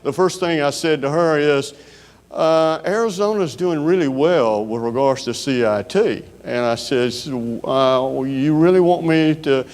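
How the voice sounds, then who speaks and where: A man with a Southern US accent delivers a keynote in a folksy, storytelling manner, pausing often on fillers. His voice is smooth and resonant, with a long reverb trailing off the walls of a large conference hall. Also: a little high, darkish tone. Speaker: keynote speaker.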